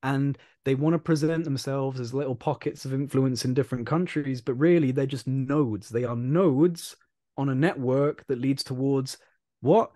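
Animated, rambling British man. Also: mid-range voice, moderate pace, dry recording, clean studio sound. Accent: British English. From England. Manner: animated, rambling, repeats himself for emphasis. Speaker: podcast co-host. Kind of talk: casual political chat.

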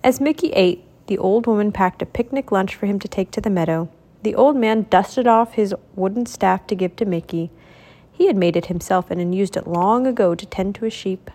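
A woman reading a children's storybook aloud, clear, expressive and steady. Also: medium pitch, moderate pace.

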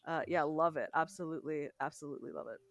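A woman's voice: sits low, quick pace, a crowd in the background. A woman co-hosting a podcast in casual chat, gushing and swearing often as she recommends things. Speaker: podcast co-host.

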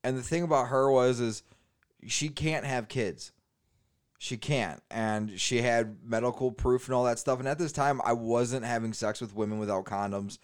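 A man's voice: mid-range voice, fairly even intonation, moderate pace, smooth. A man in his twenties on a podcast, telling a crude story in a casual way, laughing and acting out the other people in it.

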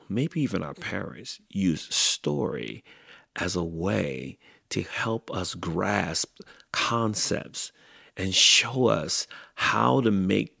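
A man hosting a podcast, reading a children's book aloud in a slow, expressive storytelling manner. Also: deep voice, vocal fry, no echo, clean studio sound. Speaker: podcast host.

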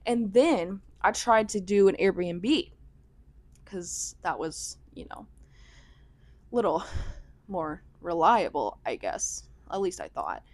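A woman's voice: fairly low pitch, expressive, slow, pauses often, no room sound. A young woman telling a rambling vlog story in a chatty, casual way, full of "like". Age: young adult. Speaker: vlogger.

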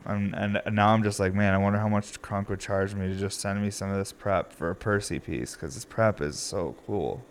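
Tired raspy dude in his 30s, kinda low voice, rambling podcast chat, swears a lot, laid back. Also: fairly even intonation, moderate pace, few pauses, a little hiss or hum. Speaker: glassblower podcast host.

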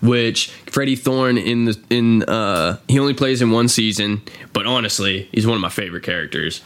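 A man hosting a casual podcast chat, swearing often and acting out quotes in a high voice. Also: normal speed, a bit bright. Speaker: podcast host.

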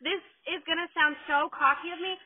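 A woman's voice: very high voice, steady tone, brisk. A young woman co-hosting a casual chat podcast, blunt, swearing freely and telling stories animatedly. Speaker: podcast co-host. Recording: tinny phone-like sound.

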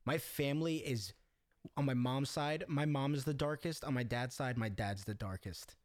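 A young man from the Middle East chats casually, spinning animated, swear-filled stories. His voice sits at a middle pitch and sounds close and dry. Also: normal speed, dry recording. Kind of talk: casual chat.

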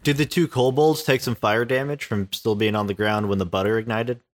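A man's voice: fairly low pitch, fairly even intonation, fairly quick. A man playing in a tabletop game, describing his character's actions in a dry, matter-of-fact way. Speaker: player.

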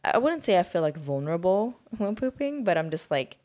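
Sick young woman on a podcast, lowish voice, chatty, says like a lot. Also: very animated, a little fast, darkish tone. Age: young adult. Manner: chatty, uses many fillers and "like". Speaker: podcast co-host. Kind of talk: casual chat.

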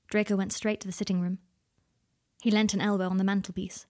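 A woman narrating fan fiction in a measured, intimate storytelling voice. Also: mid-range voice, level tone, a little mellow.

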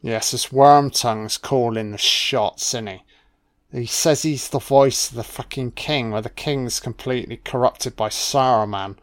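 Slow, smooth-voiced man commenting. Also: mid-range voice. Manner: relaxed, profane, admiring asides. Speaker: film commentator. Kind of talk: casual film commentary.

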